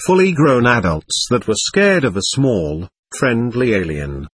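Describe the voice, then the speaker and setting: A man narrating a first-person story in a steady, expressive reading. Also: medium pitch, unhurried, slightly rough, no room sound.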